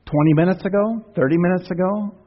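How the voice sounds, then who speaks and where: Fast and high-voiced, a pastor preaches a conversational, folksy sermon, breaking off for asides and questions to the congregation. The church sanctuary recording has a dull tone and long reverb.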